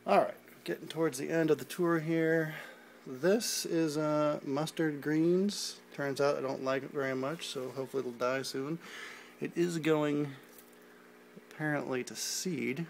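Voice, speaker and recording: A man's voice: on the high side, steady tone, unhurried, vocal fry, a little hiss or hum. A man giving a casual, rambling tour of his indoor garage garden, filmed on a handheld phone, with self-deprecating asides and many fillers. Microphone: phone camera held while walking.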